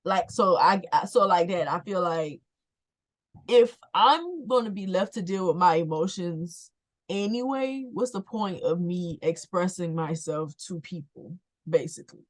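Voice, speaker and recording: Woman co-host, young adult, lowish voice, candid and repetitive in casual podcast chat. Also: expressive, measured pace. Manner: candid, talks in plans and repeats herself.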